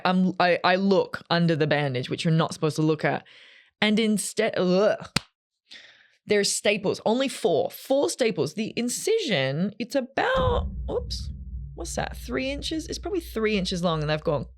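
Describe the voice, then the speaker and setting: A woman, telling a story in a rambling, sarcastic, casual way while walking into a restaurant. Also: mid-range voice. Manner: rambling, sarcastic, self-deprecating. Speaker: vlogger. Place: walking into a fast food restaurant.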